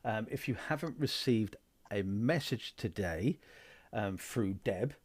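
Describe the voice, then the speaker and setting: A man's voice: fairly low pitch, expressive, slow pace. A man making a casual, outspoken fundraising appeal on a live stream, with frequent hesitant fillers. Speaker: station organiser.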